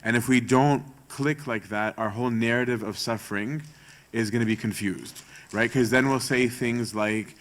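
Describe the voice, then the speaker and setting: A man's voice: on the low side, fairly even intonation, normal speed. A male priest giving a conversational sermon talk, often checking in with a rhetorical "right?". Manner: chatty, tags points with rhetorical "right?".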